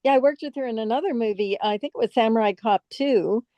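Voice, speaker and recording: A woman's voice: a little high, fast talker, mellow, no echo. An older woman from California, a guest actress chatting in an interview, who tells stories and laughs often. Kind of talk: casual interview chat. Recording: dull, dry lo-fi sound.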